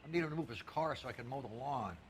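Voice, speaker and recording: A man's voice: mid-range voice, rapid-fire, slight background noise, close to an everyday voice. An actor playing an annoyed, chatty male neighbour in a 1940s crime game. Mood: grumbling.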